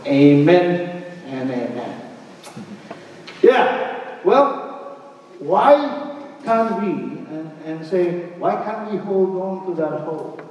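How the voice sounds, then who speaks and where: A man preaching a lively sermon to his congregation, checking in with them often with "right?" and "huh?". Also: high-pitched, slow. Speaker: pastor. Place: church hall. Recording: echoey hall, distant and dull.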